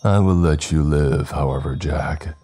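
A man voicing a demonic ghost boy with a deep, gurgling voice and coldly polite threats. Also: unhurried, warm tone, soft background music. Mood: coaxing.

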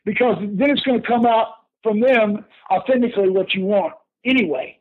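An older man, a veteran wrestler telling stories in a folksy, animated way as a podcast guest. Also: high-pitched, normal speed. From Texas. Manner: animated, folksy, laughs often, calls people boss. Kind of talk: casual storytelling on a podcast. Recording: tinny phone line.

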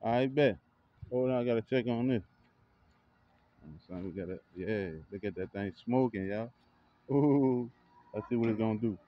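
Man, casual vlogger, excitable, laughs often, outdoors, slightly dull phone recording. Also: on the low side, normal speed. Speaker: vlogger and kennel owner. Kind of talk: casual hype commentary. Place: outdoor backyard by a grill.

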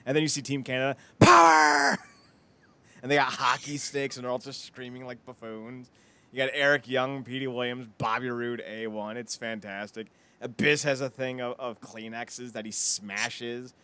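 A man co-hosting a podcast in casual chat, animated and prone to acting out quotes loudly. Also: medium pitch, normal speed, clean tone. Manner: animated, acts out quotes with loud outbursts. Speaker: podcast co-host.

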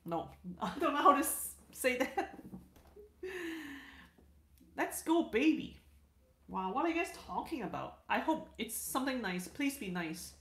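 A woman's voice: sits high, sing-song, measured pace, long pauses, fairly bright tone, roomy sound. A woman hosting a casual livestream, reading viewer comments aloud in a chatty way, repeating words and restarting sentences. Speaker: livestream host.

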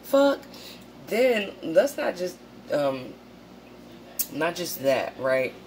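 A woman with a low, deep voice talks to camera in a casual vlog. She is blunt and profane and jumps into animated, louder quotes. A faint hum of noise sits behind her. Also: very slow. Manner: animated, acts out quotes in a raised voice. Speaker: channel host.

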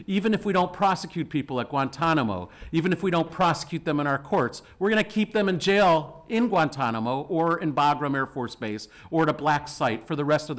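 A man's voice: on the high side, fairly bright tone. A man giving wry opening remarks at an academic law panel in a lecture hall. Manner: wry, jokes with the audience. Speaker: conference organizer and panel opener.

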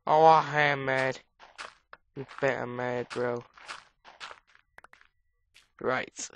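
Low-voiced woman gamer with a cold. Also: fairly even intonation, extremely slow, long pauses, a little hiss or hum. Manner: rambling, with sudden high squeals. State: has a cold. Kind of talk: casual let's play commentary. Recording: dull lo-fi recording.

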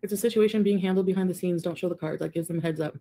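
A woman's voice: lowish voice, very fast, warm tone, slight background noise. A woman talking casually to camera in a defiant, mocking way. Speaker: video creator being reacted to.

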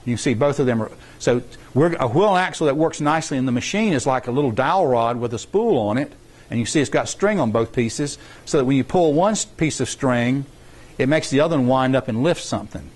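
A man's voice: mid-range voice, lively intonation, fairly quick, a little mellow. A middle-aged man, explaining rules to students in an informal, rambling workshop style and repeating points for emphasis. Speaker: science competition workshop instructor.

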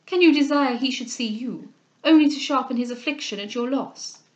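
A woman reading the part of an older gentlewoman and mother, earnest and insistent, in a formal manner. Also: high-pitched, normal speed, muffled recording, natural voice.

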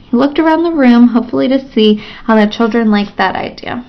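Woman, storybook reading, steady, gravelly, lo-fi sound. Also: fairly high pitch, fairly quick. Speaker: storybook reader. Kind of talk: reading a children's book aloud. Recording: lo-fi recording.

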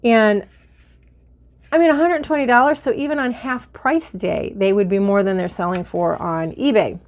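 A middle-aged woman chatting excitedly while she shows off her finds and opens mail, a little teary-eyed. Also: mid-range voice, normal speed. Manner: chatty and excitable, with many fillers. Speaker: vlogger. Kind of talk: casual haul and mail-opening chat.

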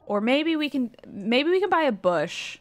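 A woman's voice: high voice, very animated, unhurried. A woman streamer giving casual gameplay commentary, exasperated and swearing, with muttered asides.

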